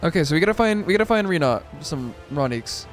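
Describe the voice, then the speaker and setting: A man's voice: fairly high pitch, animated, fast, soft background music. A man streaming a video game, chatting casually and swearing as he jokes and talks to the creatures on screen. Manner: profane, joking, talks to the game.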